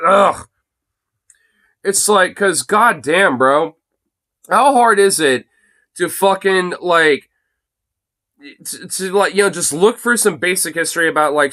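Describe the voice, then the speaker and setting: A man's voice: sits high, pushed and bright. A man livestreaming from a phone, reacting in an exasperated, profane rant and laughing often. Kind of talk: live-stream reaction rant.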